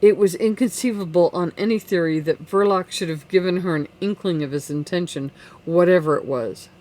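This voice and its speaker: Reading a classic novel aloud, this audiobook narrator keeps a medium pitch and a measured, even storytelling delivery.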